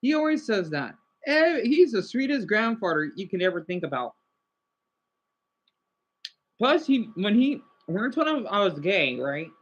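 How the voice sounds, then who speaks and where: A high-voiced young man hosts a livestream, very animated yet a little slow, captured in lo-fi sound. He addresses viewers directly in casual, rambling, emotional chatter and reads out names from chat.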